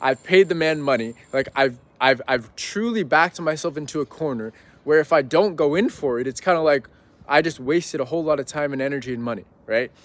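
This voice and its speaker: A young man with a slightly high voice talks a little fast, guesting on a podcast and telling a story. He rambles casually, leaning heavily on "like" and "right?".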